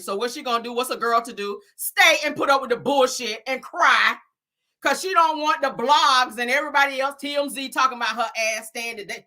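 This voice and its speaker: A woman in her forties hosting a casual celebrity gossip vlog, talking to viewers with profanity and frequent laughter. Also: on the high side. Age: 40s. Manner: animated, profane, laughs often, addresses viewers as girl and child. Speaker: host.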